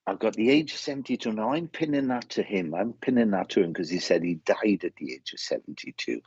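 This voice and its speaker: A middle-aged Welsh man with a low, husky voice hosts a live mediumship session, greeting people one after another in a chatty way. The sound is dry and a little dull. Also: expressive, brisk, a little mellow, dry recording. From Wales.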